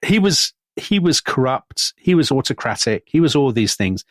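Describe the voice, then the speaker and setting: A man co-hosting a podcast, telling history in a lively conversational way and dropping his voice to quote people. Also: normal speed, dry recording, clean studio sound. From Britain. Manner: animated, quotes figures in lowered voice. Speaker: podcast co-host.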